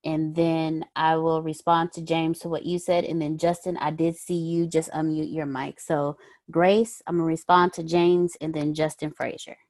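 Brief: low-voiced female moderator, flat and orderly, dry close audio. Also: normal speed, no room sound. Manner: polite, orderly, gives turns to speakers. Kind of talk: moderating a group discussion.

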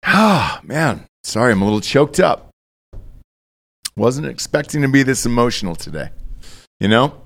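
A man's voice: medium pitch, animated, moderate pace, gravelly, long pauses. A man hosting a podcast, chatting in a jokey, mock-dramatic, crude comedic way. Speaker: podcast host.

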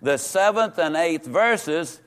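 A man's voice: on the high side, animated, fairly bright tone, smooth. Emphatic man teaching Sunday school. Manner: emphatic, slows on key words, repeats for stress. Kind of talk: folksy Bible lesson.

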